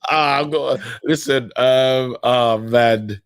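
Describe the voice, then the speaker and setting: A man co-hosting a live match watchalong, excitable, laughing often and putting on voices for players. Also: mid-range voice, slow pace. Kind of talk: casual live match commentary.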